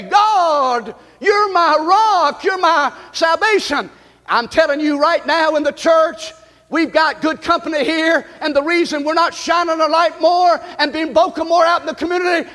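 A pastor preaching a fiery Easter sermon in a church, shouting in bursts and then dropping low. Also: male voice. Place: church sanctuary. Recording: long church reverb.

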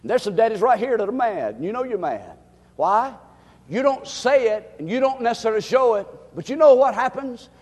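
A man preaching a sermon as pastor, repeating his points and swinging from shouts to hushed tones. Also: very high-pitched, lively intonation, brisk. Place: church sanctuary. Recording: long hall reverb.

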